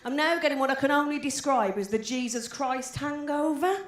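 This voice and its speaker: At a comedy gig venue, a West Midlands stand-up comedian in her forties speaks at normal speed in a high voice, brash and swearing as she teases the crowd. The live room is echoey, with background noise.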